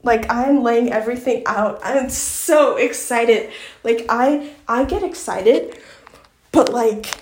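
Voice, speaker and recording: A chatty woman with a Southern American lilt, her voice sitting a little high as she gushes and rambles through a casual podcast episode. She reads passages from her own book too. The sound is roomy, with noticeable echo off the walls. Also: slow, darkish tone. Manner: chatty and effusive, with many fillers like "like". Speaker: podcast host.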